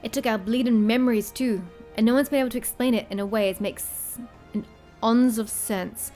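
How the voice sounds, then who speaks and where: A woman's voice: a little high, moderate pace, a little mellow, faint music behind, natural voice. Baderon, a hearty tavern keeper, read out by a woman. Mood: storytelling. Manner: reads lines aloud with a brief attempt at a rough accent. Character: middle-aged male tavern keeper, hearty sailor-town host.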